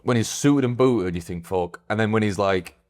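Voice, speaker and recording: A man co-hosting a podcast in relaxed casual chat. His voice sits fairly low. He rambles through his points with plenty of fillers and casual swearing. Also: moderate pace. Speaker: podcast co-host.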